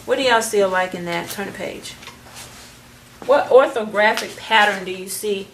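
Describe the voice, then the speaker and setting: Teacher, woman, patient prompting, mid pitch, recorded far from the mic in a reverberant room. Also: moderate pace. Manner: patient, prompting students, restarting phrases. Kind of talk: classroom phonics lesson. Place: classroom. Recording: roomy, distant, faint background noise.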